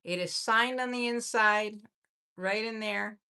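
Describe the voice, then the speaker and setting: Bright, chatty woman selling jewelry live. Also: medium pitch, measured pace, clear, resonant tone. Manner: chatty, effusive, repeats words. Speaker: host of a live jewelry sale. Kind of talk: casual live-stream selling.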